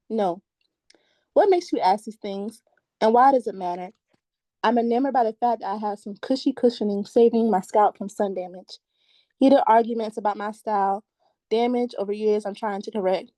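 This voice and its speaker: A woman performing spoken word poetry at an open mic over a video call, giggly when chatting and measured when reciting. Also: mid-range voice, warm tone, dry recording.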